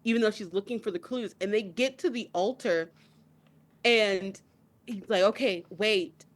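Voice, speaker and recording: A woman's voice: mid-range voice, moderate pace. Young woman podcast co-host, teary, intense casual chat. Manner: emotional, builds to tearful outbursts. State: crying.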